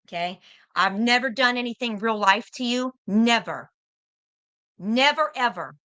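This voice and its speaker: A woman's voice: a little high, expressive, measured pace, sharp tone. A young American woman arguing heatedly on a livestream, confrontational and profane, hammering her points by repeating them. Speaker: livestream guest.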